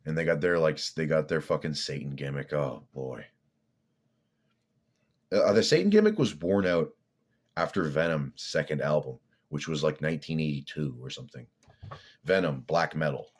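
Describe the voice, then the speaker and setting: A man with an extremely deep voice talks in a loose, rambling vlog monologue. He is blunt and profane, wandering from one thought to the next with plenty of filler. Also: expressive, moderate pace. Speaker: fitness vlogger.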